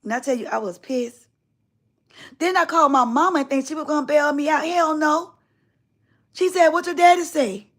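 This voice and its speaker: A woman's voice: sits high, moderate pace, long pauses, a bit bright. A middle-aged woman hosting a live stream, telling a personal story in a casual, colloquial and emphatic way.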